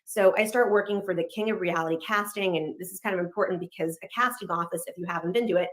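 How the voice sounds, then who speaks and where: A woman in her thirties from Los Angeles tells her own story at a quick, candid clip. Her voice sits a little low for a woman. She slips quoted lines of dialogue into the telling as she goes. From Los Angeles, United States. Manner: fast, candid, animated retelling with quoted dialogue. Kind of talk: personal storytelling.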